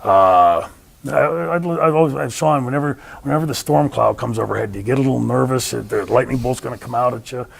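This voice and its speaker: A man with a gravelly, medium-pitched voice talks fairly quickly as a guest in a storytelling interview. His delivery is animated, and he imitates the voices of the people in his anecdotes.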